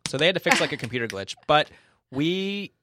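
A man's voice: a little high, big pitch swings, brisk, background noise. A man chatting casually about a delayed trip, rambling and often restarting his sentences. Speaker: guest telling a travel story. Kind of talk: casual chat.

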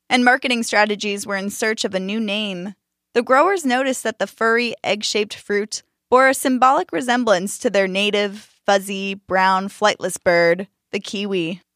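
A woman narrating a scripted story in a calm, measured and expressive way. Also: medium pitch, no room sound, clean studio sound.

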